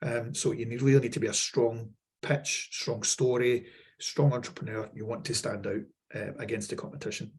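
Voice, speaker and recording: A man's voice: medium pitch, level tone, moderate pace, darkish tone, slightly rough. A man with a Scottish accent presenting a workshop, rambling with fillers and repeated words, losing his voice. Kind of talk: webinar walkthrough.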